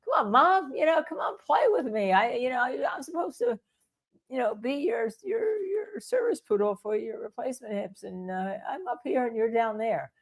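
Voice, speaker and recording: A woman's voice: a little high, lively intonation, moderate pace, pitched above the performer's own voice, low-quality recording. A woman voicing a playful male service poodle who begs his owner to play with him. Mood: pleading. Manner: pleading, whiny.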